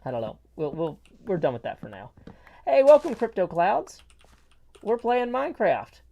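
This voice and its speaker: A man's voice: fairly high pitch, very animated, normal speed, vocal fry, a little mellow. A man chatting playfully while streaming a game, his voice muffled by a mask. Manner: rambling, playful, jokey asides. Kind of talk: casual livestream chat while gaming. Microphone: mask worn over the face.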